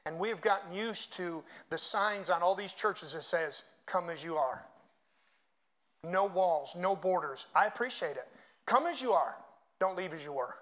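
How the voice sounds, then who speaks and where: Male pastor, high-pitched, preaching a sermon; swells on scripture, chats with the congregation between readings. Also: moderate pace, a bit bright. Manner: conversational asides to the congregation.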